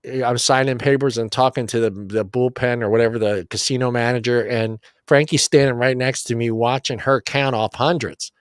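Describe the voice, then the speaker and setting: A middle-aged man telling a story in casual chat as a podcast co-host, animated and swearing freely. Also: mid-range voice, normal speed, few pauses, smooth, no echo, studio quality. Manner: animated, swears a lot, acts out voices.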